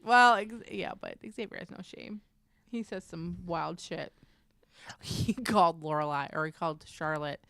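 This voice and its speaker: A middle-aged woman with a slightly low voice, chatting in a lively, storytelling way as a co-host. She often acts out her family's remarks with quick, animated energy. The recording is close and dry. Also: creaky, dry recording. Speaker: podcast co-host. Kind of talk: casual chat.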